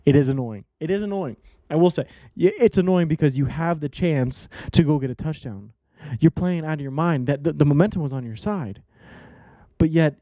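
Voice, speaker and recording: A man's voice: on the high side, dark tone, no echo, studio quality. A man hosting a casual solo sports betting podcast, blunt and rambling, repeating himself and swearing now and then.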